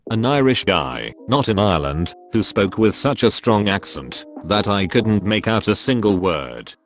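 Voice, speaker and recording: A man reading short online stories aloud as a steady, unhurried scripted narration. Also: lowish voice. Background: soft background music.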